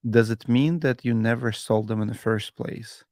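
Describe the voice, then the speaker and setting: A man's voice: mid-range voice, moderate pace, darkish tone, dry recording, clean studio sound. A man hosting a casual podcast, asking his guest questions with slightly non-native phrasing. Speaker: podcast host.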